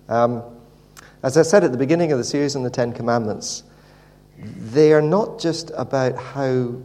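A man delivers a sermon. He often stalls and repeats his words as he works toward his point, in a voice of middling pitch. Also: darkish tone. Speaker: preacher.

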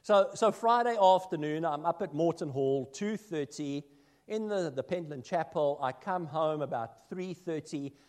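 A man preaching from the pulpit, his voice sitting a touch higher than most men's. He tells self-deprecating stories and moves between lively, louder asides and quiet, confiding remarks. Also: measured pace. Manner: self-deprecating storytelling, shifting from loud asides to hushed remarks. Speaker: minister. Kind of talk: sermon with personal anecdotes.

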